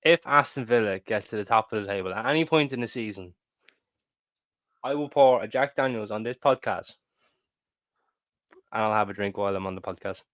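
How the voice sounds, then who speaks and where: A man's voice: on the low side, brisk, long pauses, fairly bright tone, no room sound. Opinionated man on a podcast. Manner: opinionated, jokey, repeats himself. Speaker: podcast co-host. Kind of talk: casual football podcast chat.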